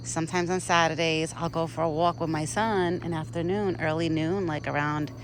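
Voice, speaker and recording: A woman's voice: deep voice, steady tone, brisk, a little hiss or hum. A woman in her thirties chatting casually outdoors while feeding a deer, cooing baby talk at it. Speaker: vlogger feeding a wild deer. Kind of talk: casual chat. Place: outdoors in a yard at dusk. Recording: outdoor phone recording, crickets. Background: crickets and insects.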